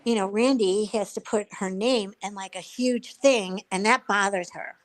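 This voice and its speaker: A woman's voice: medium pitch, moderate pace, poor audio. A woman hosting a live stream, chatting casually and retelling conversations in detail with quoted back-and-forth. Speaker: livestream host.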